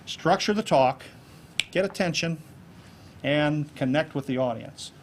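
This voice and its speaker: A man giving a keynote speech to a club audience on presentation skills, lively and jokey, acting out examples. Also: fairly high pitch, unhurried, slight background noise. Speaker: keynote speaker. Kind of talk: public speaking talk on presentation skills. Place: club meeting room with an audience.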